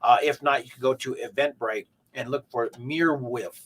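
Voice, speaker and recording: A man's voice: mid-range voice, normal speed, fairly bright tone. A man co-hosting a local morning show in casual chat, rambling and restarting with lots of fillers. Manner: rambling, repeats words, many fillers.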